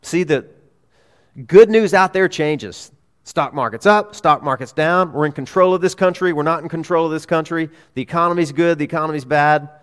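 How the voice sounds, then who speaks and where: A man preaching a sermon as a pastor in a church, emphatic, repeating key phrases and swinging between loud urgency and hushed tones. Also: fairly high pitch, moderate pace, smooth.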